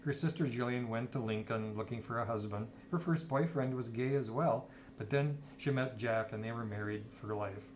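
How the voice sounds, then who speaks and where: A man's voice: medium pitch, moderate pace, few pauses, a little hiss or hum. A middle-aged man casually telling a rambling personal story and quoting people's dialogue. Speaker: storyteller sharing personal history.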